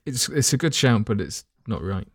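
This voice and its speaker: A man's voice: on the low side, sing-song, normal speed, breathy edge, no echo, clean studio sound. A man hosting a casual football quiz among friends, reading clues and teasing the players. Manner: teasing, reads clues with playful asides. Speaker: quiz host.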